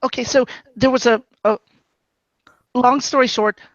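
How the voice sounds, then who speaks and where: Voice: medium pitch, fairly even intonation, unhurried, no room sound, lo-fi sound. A player in a tabletop role-playing game, rambling and flustered while speaking in character. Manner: rambling, flustered, repeats words.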